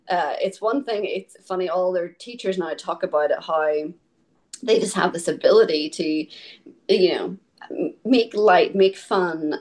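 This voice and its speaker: A middle-aged woman from Ireland with an Irish accent, a guest chatting casually and acting out quotes in her stories. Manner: animated storyteller, acts out quotes with high pitch swings. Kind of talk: casual conversation.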